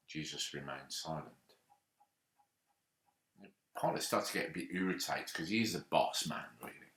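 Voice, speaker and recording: A man's voice: rumbling low, normal speed, a bit bright, reverberant, slight background noise. A man leading a church group, retelling a Bible story with small restarts as he goes. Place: church hall.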